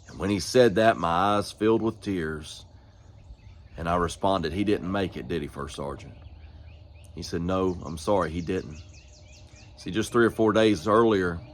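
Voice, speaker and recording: A middle-aged preacher with a very low, deep voice speaks in an earnest, folksy way, weaving a personal story into a sermon. His delivery is plain and conversational, like a man talking to his own congregation.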